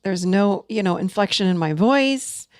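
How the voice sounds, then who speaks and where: A woman's voice: mid-range voice, animated, normal speed, no echo, clean studio sound. A middle-aged woman hosting a podcast, teaching in a casual, emphatic way and repeating key phrases for weight. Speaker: podcast host and coach.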